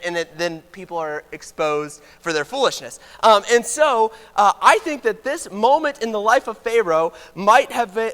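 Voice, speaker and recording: Male preacher, high voice, casual sermon with jokey asides, long church reverb. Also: a bit bright. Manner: informal, joking asides. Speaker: preacher teaching a Bible class. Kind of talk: conversational sermon. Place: church auditorium.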